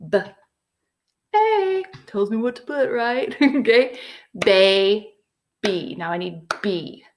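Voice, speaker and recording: A woman teaching young children a phonics lesson, patient and encouraging, slowly sounding out letters and words. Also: medium pitch. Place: at home with a whiteboard.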